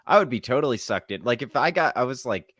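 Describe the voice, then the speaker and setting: A man's voice: medium pitch, lively intonation, fast, a bit bright, no room sound, clean studio sound. A man hosting a casual podcast interview, asking loose questions full of fillers and laughing along with his guest. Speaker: podcast host.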